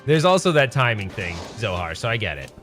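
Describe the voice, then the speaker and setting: A man's voice: lowish voice, very animated, brisk, a bit bright, soft background music. A man hosting a casual pinball livestream, rambling and correcting himself as he chats with viewers. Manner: rambling, self-correcting, chatty with chat. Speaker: pinball streamer host.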